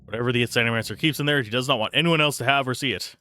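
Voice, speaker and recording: A man's voice: medium pitch, racing, pushed and bright, no echo, studio quality. A man streaming a role-playing game, chatting casually and reading the game text aloud. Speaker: let's play streamer. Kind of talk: casual gameplay commentary.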